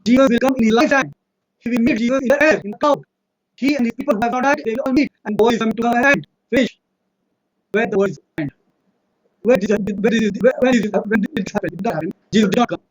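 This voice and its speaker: A man with an Indian accent arguing in a fast, insistent debate monologue, citing verses and repeating his points. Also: very high-pitched, slightly rough, low-quality recording. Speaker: religious debater.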